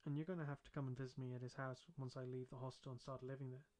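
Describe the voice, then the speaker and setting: Storybook reader: man voicing shy young woman student, gentle and wry, even-paced. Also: mid-range voice, very fast, close to an everyday voice.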